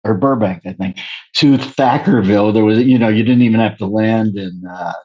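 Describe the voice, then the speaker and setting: A man, a comedian guest, telling stories in casual chat, talking fast, wordy and profane. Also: fairly low pitch, highs cut off.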